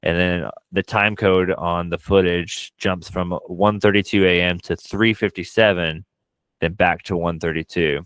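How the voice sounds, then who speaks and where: A man co-hosting a podcast, casually recapping a horror film with animated bursts, quoted lines and frequent swearing. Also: low voice, measured pace, clear, resonant tone, no echo. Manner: frequent profanity. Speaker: podcast co-host. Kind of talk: casual movie recap chat.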